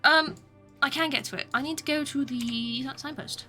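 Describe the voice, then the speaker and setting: Girl streaming a game, high bright voice, giggly chatty rambling, bit of game music faint behind. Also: moderate pace. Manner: chatty, giggly, self-mocking asides. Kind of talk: live gameplay commentary.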